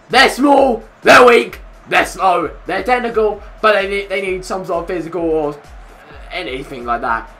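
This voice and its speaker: Hoarse, high-voiced young man yelling at a game. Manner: loud, excitable, swears constantly, yells at the game. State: hoarse from shouting. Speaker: gamer and channel host. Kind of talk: let's play commentary.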